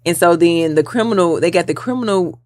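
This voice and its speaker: A woman's voice: on the low side, fairly quick, dry recording, studio quality. A woman, a guest telling her story in an interview and acting out the voices of people in it. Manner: lively storyteller, acts out quoted voices. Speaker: guest attorney.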